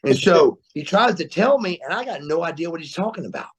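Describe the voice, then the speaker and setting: Man, slightly high voice, podcast guest, animated storyteller, repeats himself. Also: brisk, slightly rough. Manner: animated storyteller, repeats words, laughs often. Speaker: guest, former wrestler. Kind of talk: storytelling interview. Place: remote interview, podcast.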